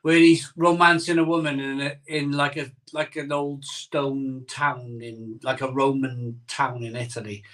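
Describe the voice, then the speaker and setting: A man's voice: medium pitch, flat delivery, unhurried, hardly any pauses, a bit bright. A middle-aged man hosting a live stream, chatting casually, joking and chuckling as he reads out viewer comments. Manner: jokey, chuckles often, storytelling banter. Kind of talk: casual chat.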